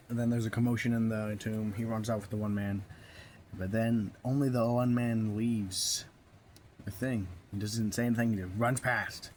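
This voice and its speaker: A man's voice: on the low side, flat delivery, a little mellow, a little hiss or hum. A man casually recapping and reviewing a book. He rambles, stalls and restarts, and fills the gaps with "you know". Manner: rambling, halting, full of fillers and restarts.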